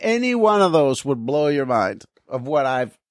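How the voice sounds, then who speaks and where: A man's voice: medium pitch, very animated, moderate pace, dry recording, studio quality. A man co-hosting a podcast in casual chat, rambling through anecdotes and acting out the people in them. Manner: rambling storyteller, acts out quoted people. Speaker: podcast co-host.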